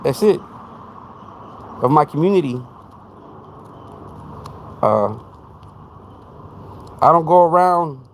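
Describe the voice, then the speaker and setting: A Texan man hosts a live podcast in a slightly high voice with lively intonation, speaking slowly with long pauses. His rambling monologue stumbles over repeated words and keeps returning to "man," with a little hiss or hum in the background.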